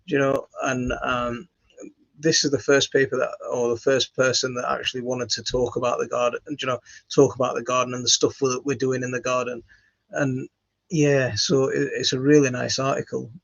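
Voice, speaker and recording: A man's voice: mid-range voice, flat delivery, normal speed, vocal fry, a bit bright, no echo. A man chatting casually to camera as the host of a home gardening channel, rambling and self-deprecating with many fillers and restarts. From West Yorkshire, England. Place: home studio, indoors. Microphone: phone. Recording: dull lo-fi phone audio.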